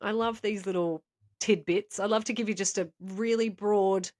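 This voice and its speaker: A woman's voice: medium pitch, steady tone, moderate pace, darkish tone. A woman co-hosting a podcast, telling a story in a rambling, chatty way and laughing often. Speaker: podcast co-host. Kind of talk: casual podcast chat.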